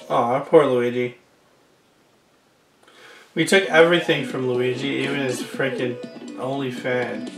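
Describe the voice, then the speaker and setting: A man's voice: medium pitch, steady tone, unhurried, gravelly, pauses often. A man giving casual gameplay commentary, rambling and trailing off with fillers. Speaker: game let's-player. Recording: roomy distant mic with game music.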